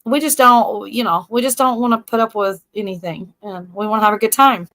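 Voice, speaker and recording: A woman's voice: medium pitch, fairly even intonation, brisk, a bit bright. A woman from Tennessee with a Southern accent, hosting a casual live stream chat, frank and chatty, often restarting her sentences. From Tennessee, USA.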